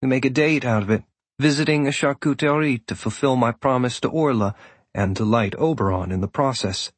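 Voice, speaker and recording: A man giving steady first-person audiobook narration. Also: mid-range voice, fairly quick, husky, no room sound.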